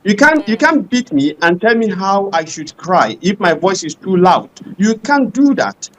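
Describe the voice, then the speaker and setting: A man on a debate panel, speaking with passion and rhetorical force. His voice runs high for a man and swings widely in pitch as he presses each point. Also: big pitch swings, measured pace, fairly bright tone, slight background noise, rough recording. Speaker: panel guest.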